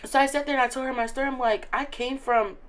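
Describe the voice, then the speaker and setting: A woman's voice: high-pitched, fairly even intonation, fast talker. An eighteen-year-old woman, a recent graduate, talking earnestly and emotionally as an interview guest, with many filler "likes". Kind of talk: casual interview chat.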